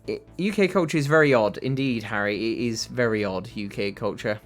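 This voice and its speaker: Rambling British livestream host. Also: male voice, medium pitch, brisk, faint music behind. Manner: rambling, self-deprecating, many fillers. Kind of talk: casual livestream chat answering viewers.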